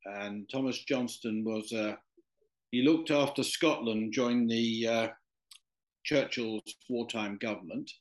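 A man's voice: medium pitch, slow pace. A man, a guest in an interview, telling a long story in a rambling way with many fillers and restarts. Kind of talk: anecdotal storytelling in conversation.

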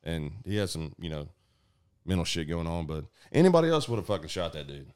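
This is a man with a deep, low voice and a drawl, recounting a story to a group of friends. He talks loosely and profanely, and throws himself into the retelling by acting out the shouts and quoted lines. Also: brisk, clean tone. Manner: profane, animated, acts out voices. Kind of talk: casual storytelling.

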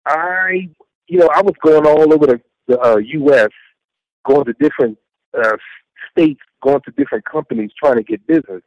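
His voice is a little high and his pace normal, captured on dull audio with no echo. A middle-aged man, he shares his faith testimony as an interview guest, earnestly repeating points and acting out what he once said.

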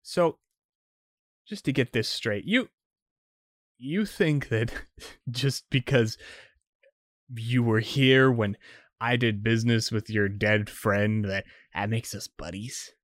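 A man's voice: medium pitch, takes it slowly, pauses often, fairly bright tone, no echo, clean studio sound. A man voicing a brash, scornful vampire gang boss woman. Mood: taunting. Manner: crude, taunting.

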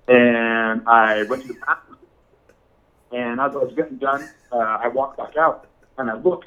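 A man's voice: mid-range voice, phone-quality sound. A man telling a funny story in casual chat, laughing often and saying "dude" a lot. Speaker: podcast guest.

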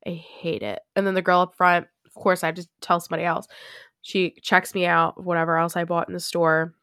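Her rambling solo podcast chat goes on, with frequent laughs and plenty of "like" from the young host. Her lowish voice is level and fairly quick, a bit bright, clear, and resonant, recorded in a studio with no echo.

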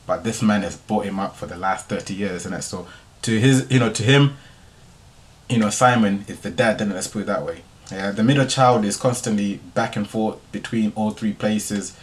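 A young man hosting a podcast, telling a story in a relaxed, slangy way and ending his sentences with tag questions. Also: on the low side. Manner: laid-back slangy delivery, tag questions. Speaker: podcast host. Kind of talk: casual storytelling monologue.

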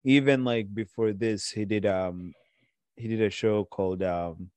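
Rambling low-voiced man on a podcast. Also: steady tone, unhurried, darkish tone, no echo. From Watertown, Massachusetts. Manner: rambling, many fillers and restarts. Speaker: podcast co-host. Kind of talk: casual chat.

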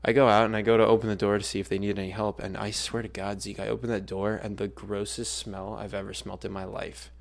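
A young man and schoolteacher co-hosting a podcast, telling a story with lively acted-out quotes. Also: on the low side, fast, vocal fry, few pauses. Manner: animated storyteller, acts out quotes loudly. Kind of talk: casual storytelling chat.

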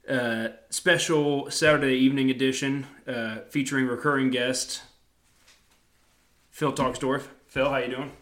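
A man's voice: medium pitch, fairly even intonation, unhurried, fairly bright tone. A young man hosting a casual podcast, talking in a rambling, laid-back, self-mocking way. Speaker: podcast host.

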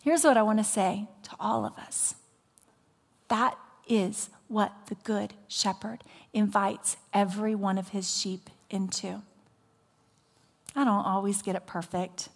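A woman's voice: medium pitch, unhurried. Woman pastor preaching in a reverberant hall. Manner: animated storytelling, dropping to soft whispered appeals. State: recovering from voice loss. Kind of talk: sermon.

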